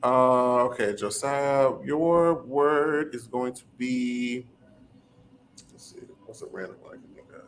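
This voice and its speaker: A man running a song-word game in a casual group chat, prompting the others in a relaxed, teasing way. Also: medium pitch, takes it slowly, a little hiss or hum. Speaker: game segment leader.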